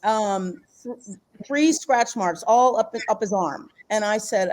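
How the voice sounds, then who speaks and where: A woman's voice: mid-range voice, takes it slowly, a little mellow. A middle-aged woman, a guest author and healer, tells a personal story in a casual interview, rambling, restarting her phrases and laughing often.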